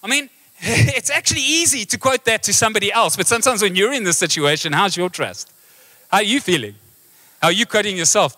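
Bright-voiced man preaching a lively sermon. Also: high-pitched, a little fast. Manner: animated, engaging the congregation with questions. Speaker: pastor. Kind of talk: live sermon. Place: church hall.

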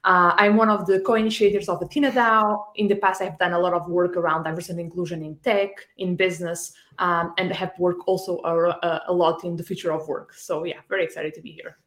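A woman's voice: fairly low pitch, fairly even intonation, brisk, few pauses, fairly bright tone. A woman from Portugal, a guest on a live panel, introducing herself in an upbeat, eager way. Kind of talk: casual panel chat. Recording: echoey room.

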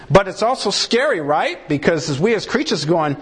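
Animated man preaching in lively high tones. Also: moderate pace, hardly any pauses, husky. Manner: animated, acts out voices of doubters and asks the room questions. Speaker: Bible teacher. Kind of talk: sermon-style Bible teaching to a live room. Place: room with a gathered audience.

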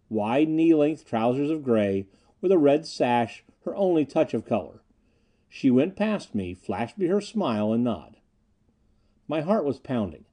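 A man reads an old adventure story aloud, expressive and measured. His voice is very dark and mellow, with a lively, rolling melody. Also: medium pitch. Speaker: audiobook narrator. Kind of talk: scripted audiobook narration.

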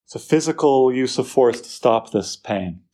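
A man lecturing on a poem, lively and full of rhetorical questions to his listeners. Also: mid-range voice, normal speed. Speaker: literature teacher.

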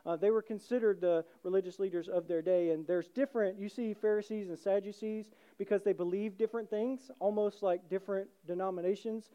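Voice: medium pitch, fairly even intonation, fairly quick, few pauses, dark tone, clear, resonant tone. A pastor giving a sermon in a conversational way, asking rhetorical questions and often adding "right?".

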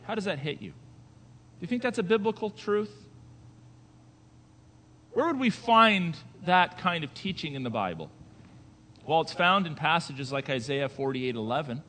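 Bright-voiced preacher in a reverberant hall. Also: male voice, a little high, lively intonation, a little slow, pauses often. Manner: swings between quiet asides and loud emphatic declarations; conversational, rhetorical questions to the congregation. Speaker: pastor. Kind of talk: sermon.

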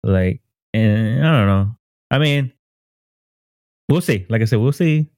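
A man co-hosting a casual chat about anime and games, quick and slangy, often calling his friends "bro". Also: on the low side, expressive, darkish tone, no room sound, studio quality.

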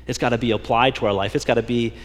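A man preaching a sermon as a pastor, building to emphatic peaks and slowing down to read scripture aloud. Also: mid-range voice, fairly even intonation, in a large hall. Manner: preaching with rising emphasis, drawn-out scripture quotes. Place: church sanctuary.

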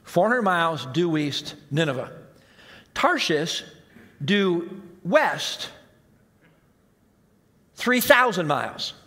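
A pastor with a high voice delivers a very animated sermon in a large hall with long reverb. His preaching is conversational, swinging between raised emphasis and slow, hushed asides.

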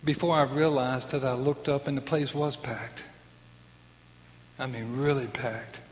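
A man's voice: mid-range voice, steady tone, a little slow, a little hiss or hum. A man in his sixties giving an earnest personal faith testimony, acting out the voices of people in his story. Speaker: testimony speaker. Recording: long hall reverb.

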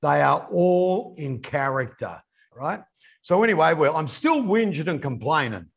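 Lively husky-voiced man. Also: fairly high pitch, a little slow. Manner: animated storyteller. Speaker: podcast co-host. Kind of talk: casual business chat.

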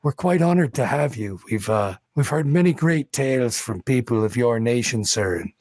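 A man's voice: medium pitch, lively intonation, normal speed, darkish tone, dry recording, natural voice. A man voicing an overly courteous tavern barkeep who slips insults into his polite talk. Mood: fawning. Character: polite fawning tavern barkeep, male adult.

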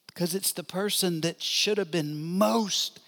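A man's voice: sits high, a little slow, a bit bright. An older man, a pastor, teaching a Bible class in a conversational way, putting questions to his listeners and answering them. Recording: long hall reverb.

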